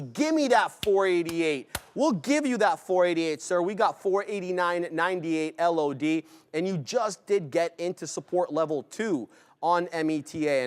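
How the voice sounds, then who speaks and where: A man with a smooth, resonant voice talks through his live trades at a brisk clip. He shouts out viewers by name and keeps a steady, chatty patter on charts and price levels. His voice sits a touch high for a man. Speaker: day-trading stream co-host. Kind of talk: live trading commentary.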